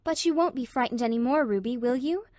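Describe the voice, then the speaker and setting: A woman reading an audiobook voices a gentle, thoughtful young woman who comforts a friend hesitantly and tenderly. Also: high voice, fast talker, dry recording, natural voice.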